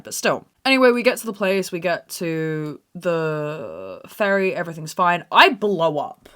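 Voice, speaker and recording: A woman's voice: fairly low pitch, sing-song, moderate pace, hardly any pauses, fairly bright tone. A young woman in her twenties hosting a podcast, telling stories in a blunt, sweary, dramatic way. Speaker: podcast host. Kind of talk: casual storytelling monologue.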